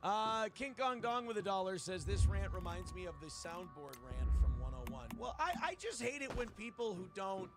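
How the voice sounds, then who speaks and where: A man's voice: high voice, very animated, moderate pace, hardly any pauses. A male podcast host ranting bluntly and profanely, complaining about people. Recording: played clip with music behind.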